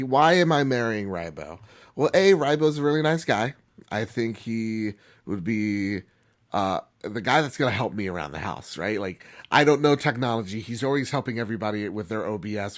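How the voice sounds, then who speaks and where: A man hosts a casual gaming podcast with a lively, swooping pitch. He rambles from point to point and often breaks into laughter. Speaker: podcast host.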